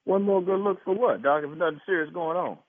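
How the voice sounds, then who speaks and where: A man's voice: high-pitched, brisk, dry recording. Indignant man on a tinny phone line. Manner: indignant, repeats himself, increasingly angry. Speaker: prank call target. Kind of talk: heated phone argument.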